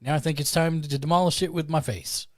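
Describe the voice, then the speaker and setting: A man's voice: fairly high pitch, fairly even intonation, brisk, no echo, clean studio sound. A man playing a tabletop role-playing game, talking in character with a drawling frontier manner. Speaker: player.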